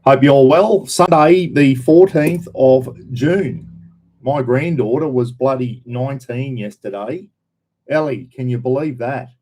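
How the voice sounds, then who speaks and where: An older Australian man chatting casually on a live stream. His voice sits at an ordinary middle pitch. He greets viewers one by one and speaks bluntly, with plenty of swearing. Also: a little slow, darkish tone.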